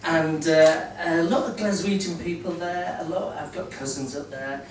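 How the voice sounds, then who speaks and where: A man's voice: fairly high pitch, steady tone, normal speed. A middle-aged man from Scotland with a Scottish accent, telling jokes in a stand-up comedy set, full of ums and chuckling at his own lines. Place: small comedy venue with a live audience. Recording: roomy venue recorded from a distance, audience noise.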